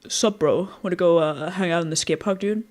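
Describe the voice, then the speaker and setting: A woman voicing a laid-back young male gamer e-boy, with a husky, drawling way of talking. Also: on the low side, a little fast, darkish tone, natural voice. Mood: chill.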